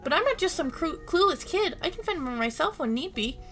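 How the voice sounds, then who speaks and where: A woman's voice: very high-pitched, sing-song, brisk, fairly bright tone, voice pushed up, full character voice. A woman voicing a cheeky young pirate boy captain who talks in brash sailor slang during a game playthrough. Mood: boastful.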